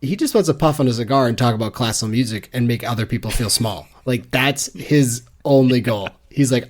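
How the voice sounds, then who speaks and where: A man's voice: medium pitch, lively intonation, normal speed, few pauses, darkish tone. A man co-hosting a casual book-club podcast, talking in a wry, easygoing way. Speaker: podcast co-host.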